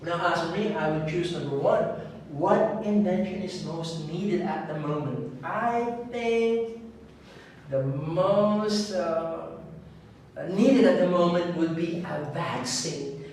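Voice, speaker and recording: Echoey, slow-speaking male English teacher. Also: fairly high pitch, a little mellow, recorded from a distance, slight background noise. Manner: slow and clear, drilling words with a repeated stress. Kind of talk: recorded online lesson.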